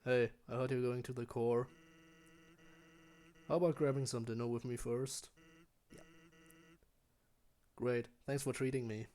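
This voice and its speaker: A man's voice: medium pitch, fairly even intonation, darkish tone, natural voice. A man putting on Sans, a chill skeleton joker. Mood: laid-back. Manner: chill, drawling and unhurried. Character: laid-back joking male skeleton sentry. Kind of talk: reading game dialogue aloud.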